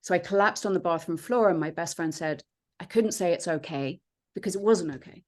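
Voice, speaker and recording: A woman, a podcast guest, telling her own story in an earnest, reflective way with many pauses and fillers. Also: on the low side. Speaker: podcast guest, transformation coach. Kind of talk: personal storytelling in conversation.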